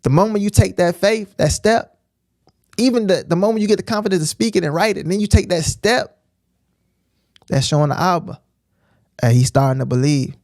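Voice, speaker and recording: Guy with kinda high voice preaching loose on a stream, repeats himself a lot, keeps saying right?, dry close sound. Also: brisk, pauses often, darkish tone, dry recording. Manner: emphatic, repetitive, keeps asking "right?". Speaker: streamer teaching scripture. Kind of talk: informal preaching on a livestream.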